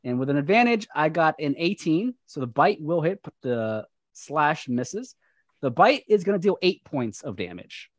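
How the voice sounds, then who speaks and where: A man's voice: a little high, very animated, normal speed, dry recording. A man running a tabletop role-playing game as game master, narrating the action and explaining the rules. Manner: explains rules aloud while reading.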